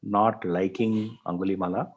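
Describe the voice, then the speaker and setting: Man, lecture storytelling, lowish voice, lots of fillers. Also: steady tone, normal speed, poor audio. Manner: frequent fillers, repeats words, thinks aloud. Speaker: professor.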